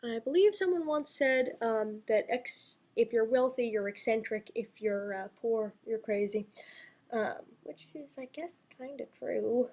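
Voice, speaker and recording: A woman's voice: fairly high pitch, measured pace, a little mellow. A young woman chatting casually through a makeup tutorial, rambling with self-mocking asides and sometimes dropping to a whisper.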